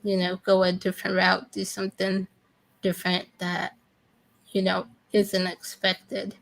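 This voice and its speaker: Slow, flat-voiced woman host. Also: mid-range voice, creaky, poor audio. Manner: rambling, many fillers. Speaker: interview host. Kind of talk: casual interview talk.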